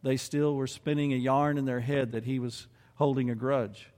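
A man's voice: mid-range voice, steady tone, moderate pace, darkish tone, long reverb tail. A man preaching a sermon and reading scripture aloud, earnest and building to emphatic peaks.

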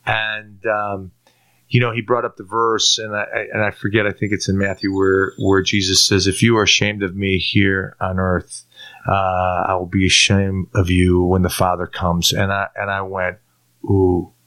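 A man from Turkey tells his conversion story in a low, bright, forceful voice. He is a lively storyteller who acts out what he once said, and he often trips into repeated-word restarts. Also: normal speed. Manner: animated storyteller who acts out his own past lines. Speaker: guest giving a testimony. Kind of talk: personal faith testimony in conversation.

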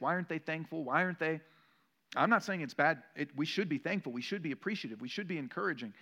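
A man preaching a sermon to his church, telling stories and building to rhetorical questions with rising emphasis. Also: medium pitch. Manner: storytelling, varies loudness for emphasis. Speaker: pastor.

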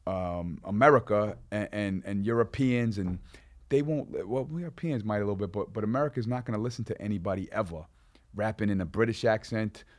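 New York man, low-pitched, argumentative, stammering, heated casual debate. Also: a little fast. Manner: argumentative, interrupts, stammers and restarts. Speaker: rapper guest.

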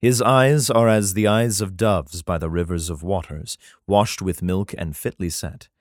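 A man's voice: low voice, a little slow, dry recording, studio quality. A man reading an old text aloud and breaking off into crude, mocking asides and laughter. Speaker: reader giving comic commentary.

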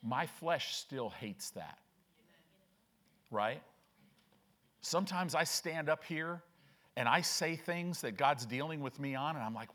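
A man's voice: on the high side, animated, measured pace, long pauses, fairly bright tone. A man preaching a conversational sermon as pastor, often asking "right?", acting out quoted voices and reading scripture aloud. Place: church sanctuary.

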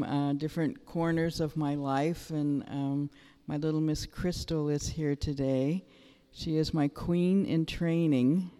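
A woman's voice: sits low, mellow, clean tone. A middle-aged woman giving a sermon in a church, emotional and chatty, often asking the congregation questions. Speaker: church speaker. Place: church sanctuary. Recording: long reverb of a church hall.

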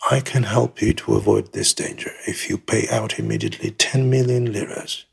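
A man's voice: on the low side, steady tone, normal speed, vocal fry, breathy edge, heavily acted. A man voicing a menacing Italian extortionist who speaks in curt threats, in an audiobook. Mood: threatening.

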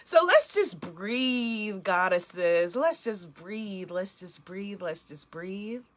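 A woman hosting a group call, leading a guided meditation and a slow, reverent prayer. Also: medium pitch, lively intonation.

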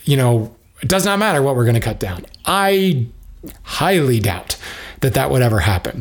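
A man in the lumber business talking through an idea in a loose, musing way. He drifts into side thoughts and circles back as he thinks aloud. His pitch sits in an ordinary middle range. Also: breathy edge. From United States. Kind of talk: casual spoken commentary.

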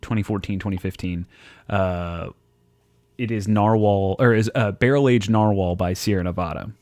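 A man with a lowish voice tells loose, profanity-heavy stories in easygoing conversation. He is recorded dry and close, with no room sound around him. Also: moderate pace, a little mellow, dry recording. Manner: profane, rambling storyteller. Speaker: podcast co-host. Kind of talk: casual chat.

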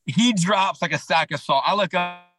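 A man being interviewed on a podcast, telling a hunting story in a rambling, animated way with many restarts and asides. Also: high voice, moderate pace, creaky, faint music behind, rough recording. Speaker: podcast guest, clothing company founder.

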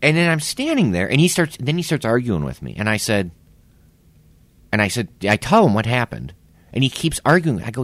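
A man's voice: medium pitch, brisk, no echo. A man in his forties telling a workplace story in casual podcast chat, swearing and acting out what people said. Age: 40s. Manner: animated, swearing, acts out quotes. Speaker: podcast co-host.

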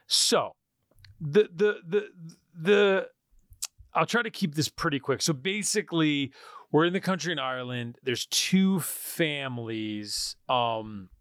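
A man's voice: fairly high pitch, animated, slow, fairly bright tone, dry recording, studio quality. A man co-hosting a casual film podcast, summarizing a movie plot in a rambling way with joking asides. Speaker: podcast co-host.

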